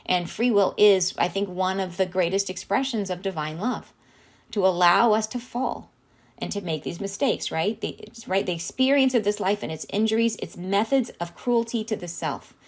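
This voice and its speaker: A woman's voice: mid-range voice, normal speed. A middle-aged woman hosting a live stream, reading channeled messages aloud and talking them over in a heartfelt, casual way, often asking "right?". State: tearing up, laughing through tears.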